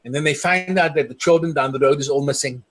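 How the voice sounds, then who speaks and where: A middle-aged man from South Africa speaks with a husky, slightly high voice. He tells his stories earnestly, quoting the people he met along the way. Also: fast, fairly bright tone. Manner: earnest storytelling, quoting others. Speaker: community leader. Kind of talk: impassioned speech.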